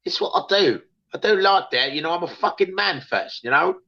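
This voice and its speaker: A man puts on a Cockney street tough who boasts he's a decent man yet threatens to smack people. The voice sits slightly high and struts with profane menace. The sound is muffled, like a lo-fi stream call. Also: animated, fairly quick, vocal fry, heavily acted. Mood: menacing swagger. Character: brash tough-talking London street geezer man.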